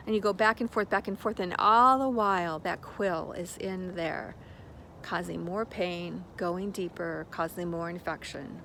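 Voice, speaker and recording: An older woman talking as a spiritual teacher in a reflective monologue, rambling gently and acting out little quoted exchanges as she tells a story. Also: fairly low pitch, steady tone, moderate pace, vocal fry, a little hiss or hum.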